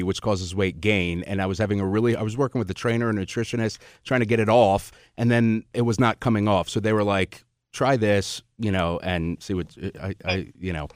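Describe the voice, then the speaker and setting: A man's voice: fairly low pitch, no echo. A man hosts a casual interview. He stumbles through his questions, restarting them as he goes, and laughs often. His voice sits in a dry, close recording. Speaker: host.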